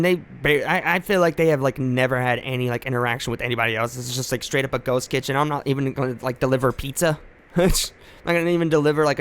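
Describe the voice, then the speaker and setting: A man's voice: mid-range voice, fairly bright tone. A man streaming a driving game, talking in rambling, joking asides full of fillers. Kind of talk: casual gameplay commentary.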